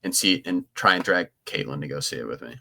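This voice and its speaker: A man's voice: very deep voice, animated, fast talker, vocal fry, pushed and bright. A young man co-hosting a podcast, chatting casually and rambling with frequent restarts. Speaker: podcast co-host. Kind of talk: casual chat.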